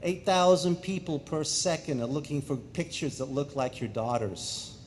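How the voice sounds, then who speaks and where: Middle-aged man from England, energetic public speaker, somewhat high voice, faint rumble behind. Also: normal speed. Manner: animated, joking with the audience. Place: school auditorium.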